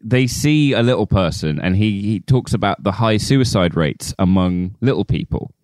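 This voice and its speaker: A man's voice: lowish voice, animated, moderate pace, a little mellow, dry recording. A young man co-hosting a podcast, breaking down a film in casual chat, laughing often and swearing freely. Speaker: podcast co-host.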